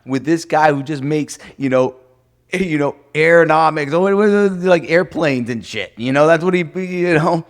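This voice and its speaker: A man's voice: on the high side, moderate pace. A man with a somewhat raised voice co-hosts a casual podcast. He is brash and playful and swears freely while joking with his partner. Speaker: podcast co-host, lawyer. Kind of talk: casual chat.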